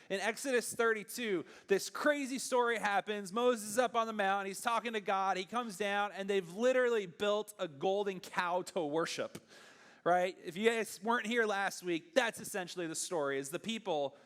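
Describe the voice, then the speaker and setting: A young youth pastor gives a casual, chatty sermon to teenagers in a high-pitched, slightly bright voice with lively intonation. He often acts out snippets of dialogue in quick bursts.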